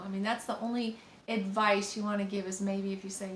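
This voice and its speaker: Gentle rambling woman in an echoey room. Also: mid-range voice, steady tone, a little fast, hardly any pauses. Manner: gentle, rambling, many fillers and restarts. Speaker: parenting teacher. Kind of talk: informal teaching monologue with anecdotes. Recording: echoey room with faint ambient noise.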